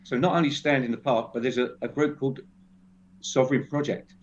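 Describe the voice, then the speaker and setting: A man speaking as a guest in a casual discussion, halting and restarting often. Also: mid-range voice, steady tone. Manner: halting, many restarts and fillers. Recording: dull lo-fi sound with faint noise.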